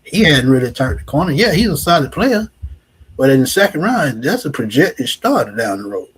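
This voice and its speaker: A man in his forties with a slightly husky, breathy edge and a lilt. He co-hosts a casual sports talk show, thinking out loud and circling back to his points. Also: fairly high pitch, very animated, a little fast, low-quality recording. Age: 40s. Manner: reflective, repeats "like I said".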